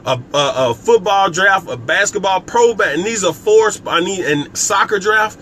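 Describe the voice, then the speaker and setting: High-pitched and bright, with lively intonation, a forceful tone, and a moderate pace, a man coaches network marketing on a live stream about business and scripture. He calls out viewers by name and repeats key phrases emphatically against slight background noise.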